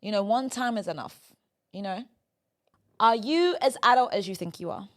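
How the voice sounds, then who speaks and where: A woman's voice: medium pitch, expressive, normal speed, fairly bright tone. A young woman hosting a casual comedy podcast, playful and prone to acting out lines in silly voices. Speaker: podcast host.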